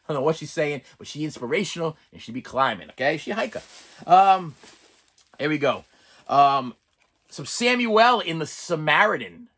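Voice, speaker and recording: A man's voice: a little high, a bit bright, husky. A middle-aged man reviewing cheap movie discs in a casual, rambling way, stammering and restarting often and cracking jokes. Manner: jokey, breaks into off-key singing and impressions.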